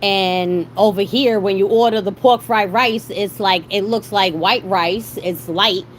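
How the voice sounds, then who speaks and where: A woman's voice: medium pitch, a little slow, a little hiss or hum, rough recording. Chatty Boston woman on a livestream. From Boston, Massachusetts. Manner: rambling, animated storytelling with frequent restarts. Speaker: livestream host. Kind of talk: casual livestream chat.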